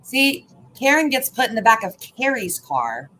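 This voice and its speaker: A woman's voice: fairly high pitch, very animated, unhurried, sharp tone, low-quality recording. A woman hosting a casual trial-commentary stream, chatty and sarcastic as she talks back at the courtroom video.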